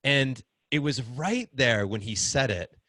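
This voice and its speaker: A middle-aged man telling a story in casual conversation, acting out quotes with big swings in pitch. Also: takes it slowly, dry recording. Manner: animated, acts out quotes with big pitch jumps. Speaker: podcast guest, fatherhood group founder.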